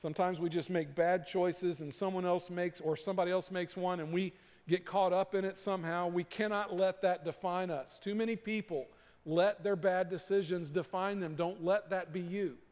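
Male pastor, sermon delivery, slightly high voice, long hall reverb. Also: fairly even intonation, normal speed. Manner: preaching with swells from hushed to emphatic.

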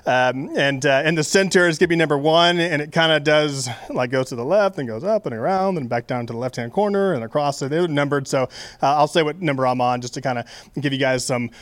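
A man's voice: on the high side, a little fast, fairly bright tone, no echo. A young man giving a casual, conversational sermon, with many fillers and restarts. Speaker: preacher.

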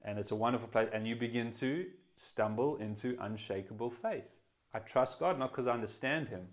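Male pastor mid-sermon, earnest and talky, stumbles and restarts, medium pitch. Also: fairly quick. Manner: earnest, conversational preaching with restarts; voice swells then drops to quiet emphasis.

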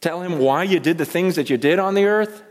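A male pastor preaching a sermon, swinging between loud emphasis and hushed asides and repeating words as he builds his points. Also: fairly high pitch, fairly quick. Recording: long reverb from a large hall.

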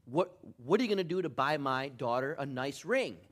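A man voicing a skeptical middle-aged father who asks a young suitor halting, probing questions. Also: mid-range voice, lively intonation, a bit bright. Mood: questioning.

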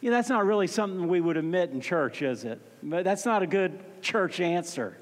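A man preaching a sermon as pastor, emphatic and fervent, swinging from loud peaks to soft, low passages and often repeating words as he starts a phrase. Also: animated, brisk. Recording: long hall reverb.

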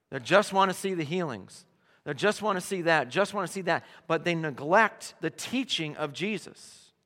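A man preaching a sermon, emphatic and animated, dropping to hushed tones and then rising to loud declarations. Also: a little high. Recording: long hall reverb.

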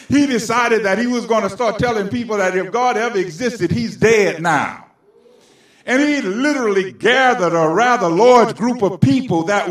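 A man preaching a sermon, telling stories and building to shouted preaching. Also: high-pitched. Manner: rising to shouted preaching with storytelling. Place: church sanctuary. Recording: echoey church from far off.

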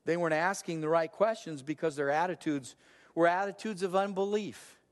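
A man's voice: on the high side, moderate pace. Older male pastor preaching with hall reverb. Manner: emphatic, repetitive preaching cadence. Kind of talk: sermon.

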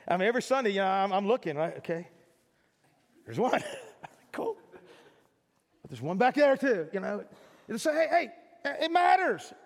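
A man's voice: high-pitched, very animated, normal speed, long pauses, big-room sound. A man preaching a sermon as pastor, talking conversationally and acting out little everyday scenes for his congregation.

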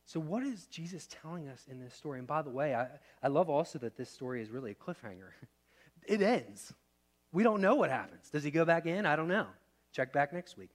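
A man in his thirties, a pastor preaching a sermon in a conversational way, asking the room questions and shifting between loud and soft. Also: fairly high pitch.

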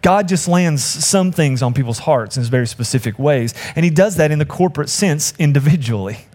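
A man's voice: fairly high pitch, darkish tone. Conversational male pastor preaching. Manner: conversational, acts out quoted voices with humor. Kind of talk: sermon.

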